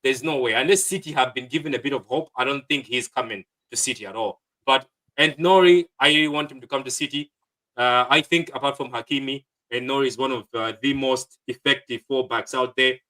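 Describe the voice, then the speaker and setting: A man talks through transfer rumours as a guest on a football stream, rambling with many fillers and restarts. His voice is bright and forward. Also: medium pitch, fairly quick, low-quality recording. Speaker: guest fan channel host. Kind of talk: casual football chat.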